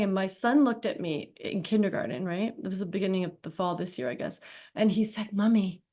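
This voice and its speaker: A woman's voice: medium pitch, fairly quick, mellow. Chatty woman telling a story. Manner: chatty, rambling, frequent likes and ums. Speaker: podcast guest. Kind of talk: casual storytelling.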